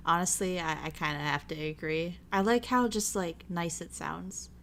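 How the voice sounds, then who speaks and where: A young woman chatting casually while watching a movie with her viewers, full of "like" and quick laughs. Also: on the low side, fairly even intonation, a bit bright, slight background noise, low-quality recording. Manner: chatty, lots of "like", frequent laughs. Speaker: streamer hosting a watch-along. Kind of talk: casual chat.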